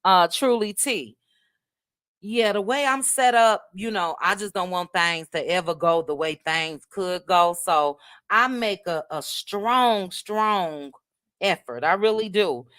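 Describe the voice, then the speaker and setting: A woman's voice: medium pitch, slow pace, fairly bright tone, no room sound, studio quality. A woman with a Midwestern accent hosting a casual livestream, chatting, reading viewer comments and thanking them by name, with frequent "child" asides. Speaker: livestream host.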